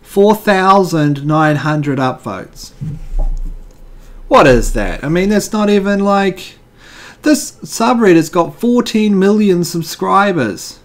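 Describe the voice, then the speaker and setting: Man, higher pitch, rambling, wry, casual joke commentary. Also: expressive, slow pace. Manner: rambling and wry, with fillers and self-corrections. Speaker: video host reading jokes.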